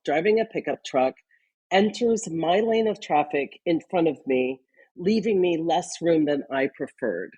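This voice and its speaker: A woman with a low, husky voice explains her ideas on a podcast through lively stories and examples. Her tone is warm and mellow, and she speaks as an interview guest. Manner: animated storytelling, talks in examples. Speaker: guest, leadership consultant.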